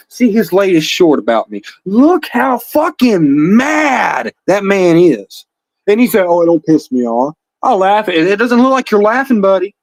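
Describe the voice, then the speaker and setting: A man's voice: high-pitched, no room sound, poor audio. A man hosting a livestream, taunting a rival in a heated, profane, mocking rant. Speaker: livestream host.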